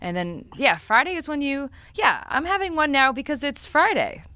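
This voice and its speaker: A woman's voice: high voice, sing-song, normal speed, sharp tone, no room sound. A woman co-hosting a podcast in casual chat, giggly and chatty with lots of fillers. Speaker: podcast co-host.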